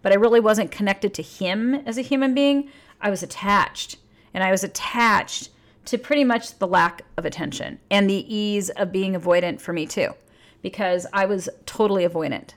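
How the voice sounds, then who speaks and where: A woman's voice: medium pitch, normal speed. Blunt, outspoken woman relationship coach. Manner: candid and blunt, swears freely. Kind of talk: casual advice monologue.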